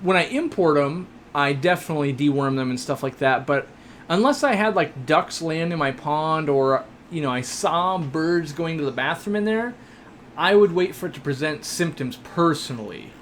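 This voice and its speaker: Young male live-stream host, a bit high-voiced, loose and jokey with lots of "uh"s, faint hiss behind. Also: animated, normal speed, a bit bright. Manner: chatty, joking, rambling with many fillers. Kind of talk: casual live-stream chat, reading viewer questions.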